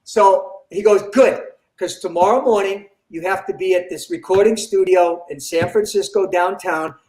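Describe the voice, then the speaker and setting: Older man telling a story, high-pitched. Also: moderate pace. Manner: animated, acts out quoted dialogue. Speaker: comedian guest. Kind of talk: storytelling in an interview. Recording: roomy echo.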